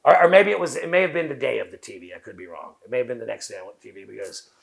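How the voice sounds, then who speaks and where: A Southern-accented man with a gravelly, fried edge to his voice, talking as an interview guest. He races through rambling, profane anecdotes and acts out what other people said. His pitch sits in an ordinary male middle range. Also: sing-song. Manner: fast talker. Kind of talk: casual interview storytelling.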